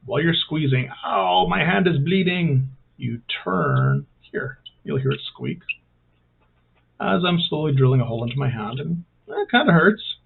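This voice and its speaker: Man, gravelly, casual hobby tutorial, rambling self-mocking asides, tinny phone-like audio. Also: medium pitch, huge pitch swings, moderate pace, slight background noise. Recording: thin phone-like sound.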